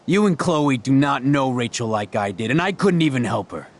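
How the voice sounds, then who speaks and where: An actor playing a suspicious, volatile man in a video game who turns menacing and yells. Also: mid-range voice, lively intonation, moderate pace, close to an everyday voice. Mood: dismissive. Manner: menacing, erupts into shouting. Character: volatile, suspicious adult male drug dealer.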